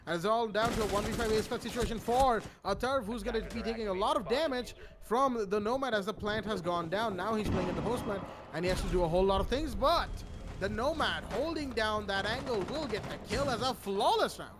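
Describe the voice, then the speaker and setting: A man giving energetic play-by-play commentary on a competitive shooter match, with chatty asides. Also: high voice, brisk, background noise. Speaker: esports caster. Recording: game gunfire audible under voice. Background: in-game gunshots and ambience.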